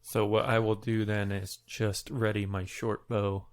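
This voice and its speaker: Gravelly man player at a game table. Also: lowish voice, little pitch movement, a little slow. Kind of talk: casual tabletop game chat.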